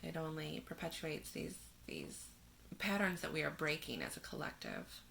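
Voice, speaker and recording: A woman leads a spiritual tarot reading in a gentle way. Her voice sits a bit low but sounds bright and forward, with a gravelly fry. A faint ambient hum runs under her. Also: wildly swooping pitch, moderate pace. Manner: gentle, reads card verses aloud, frequent soft laughs. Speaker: tarot reader.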